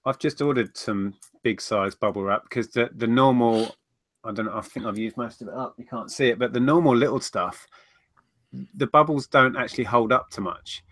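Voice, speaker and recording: A man's voice: mid-range voice, moderate pace, a bit bright, no room sound. A man chatting casually on a livestream, rambling through viewer questions. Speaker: co-host of a reselling livestream.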